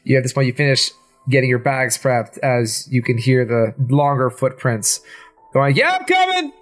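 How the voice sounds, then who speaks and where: A man's voice: medium pitch, little pitch movement, moderate pace, soft background music. A man narrating a tabletop game as game master, with descriptive, dramatic narration.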